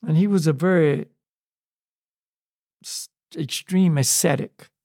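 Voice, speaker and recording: A man in an unscripted spiritual discussion, talking slowly and searchingly with many restarts and "you know"s. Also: a little high, warm tone, dry recording, clean studio sound. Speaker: podcast co-host on spiritual topics.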